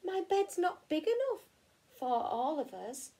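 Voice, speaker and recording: A woman's voice: high-pitched, very animated, unhurried, warm tone, voice pushed up, heavily acted. A woman voicing a kindly man in a storybook who fusses and exclaims as animals fill his bed.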